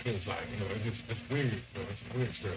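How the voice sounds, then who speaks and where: A man's voice: lowish voice, fairly even intonation, fast talker, noisy background. A middle-aged man telling a story in a casual, slangy way, quoting himself and his friend as he goes. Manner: laid-back, slangy, quotes himself and his friend in conversation.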